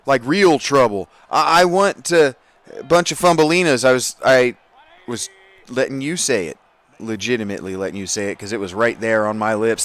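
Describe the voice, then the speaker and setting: A man giving casual, profane commentary over a football video game, swinging from low muttering to loud excited outbursts. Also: a little slow, no room sound. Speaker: gaming streamer.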